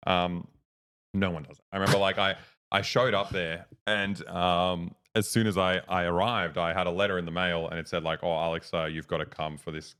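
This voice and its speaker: A young man with a low voice, chatting casually on a livestream. He rambles through stories with lots of ums, likes and restarts. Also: steady tone, moderate pace, fairly bright tone, clear, resonant tone. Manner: rambling storyteller, many fillers and restarts. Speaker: streamer, co-host.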